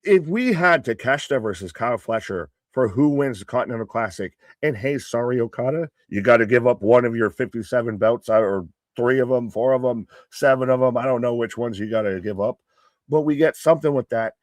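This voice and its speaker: A man's voice: mid-range voice, a little fast, no echo, studio quality. A man co-hosting a live wrestling watch-party stream, rambling through jokey, worked-up opinions. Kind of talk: casual live-stream chat.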